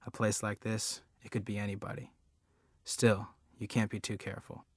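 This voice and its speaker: A man's voice: fairly low pitch, little pitch movement, normal speed, no echo, clean studio sound, lightly acted. A man reading the part of a menacing ex-convict preacher father in an audiobook, with a sly, commanding drawl. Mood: suspicious.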